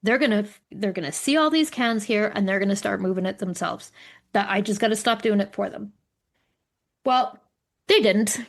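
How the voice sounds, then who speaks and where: A creaky, medium-pitched voice at normal speed belongs to this middle-aged woman co-hosting a podcast with friends. Recorded on a studio microphone, she tells animated stories, swears freely, and plays out others' words.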